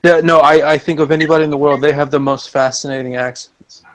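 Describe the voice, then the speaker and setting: Teasing man, a bit high-voiced. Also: steady tone, rough recording. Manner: jokey, teasing, halting restarts. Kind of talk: casual chat.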